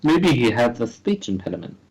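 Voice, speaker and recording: A man co-hosting a comedy radio show, teasing with dry deadpan remarks. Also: medium pitch, a little fast, a crowd in the background, low-quality recording. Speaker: radio co-host. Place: community radio studio.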